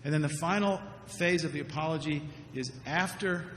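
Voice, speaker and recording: A man's voice: on the high side, moderate pace, a bit bright. A man giving a conference talk about surgical mistakes, earnest and repeating words when he stresses a point. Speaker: surgeon giving a lecture. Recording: echoey lecture hall, faint noise.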